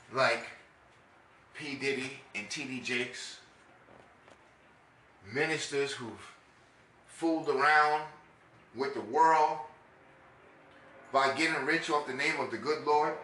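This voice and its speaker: A brash man with a New York accent rambles through a casual podcast monologue in a bright, forceful voice. He talks loosely and crudely, and an echoey room with faint ambience sits behind him. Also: medium pitch, a little hiss or hum. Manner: brash, rambling and profane, with frequent laughs. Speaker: podcast host.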